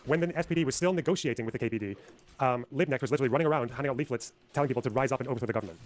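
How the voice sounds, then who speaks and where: A man's voice: medium pitch, racing. A man hosting a live stream, arguing heatedly, swearing often and pressing with repeated questions. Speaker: streamer host.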